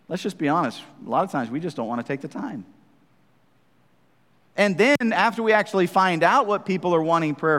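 A man's voice: high-pitched, fairly bright tone, in a large hall. A man preaching a sermon as pastor, talking conversationally to the congregation and often checking in with "right?" asides.

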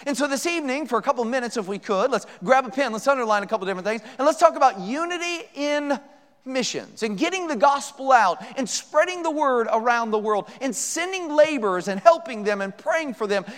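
High-voiced folksy preacher in hall. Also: male voice, animated, brisk, fairly bright tone. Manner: folksy, joking, conversational with rhetorical questions. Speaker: guest preacher. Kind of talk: sermon. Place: church sanctuary.

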